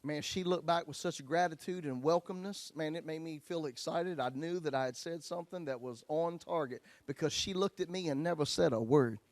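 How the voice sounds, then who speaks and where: Man, pastor, storytelling sermon, folksy and joking, loud-to-hushed swings, slightly high voice, dry close sound. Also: brisk, hardly any pauses, no echo.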